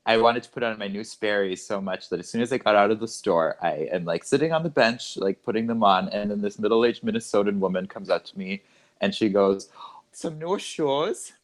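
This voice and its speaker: A man's voice: lowish voice, brisk. A man from California chatting casually as a podcast co-host, telling stories. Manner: storytelling, plays at accents. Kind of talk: casual chat.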